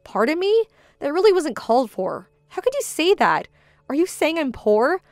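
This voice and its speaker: A woman voicing a hurt, firm young bride-to-be who speaks in a measured, indignant tone. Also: high-pitched, sing-song, dry recording, soft background music. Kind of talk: dramatized story voice acting.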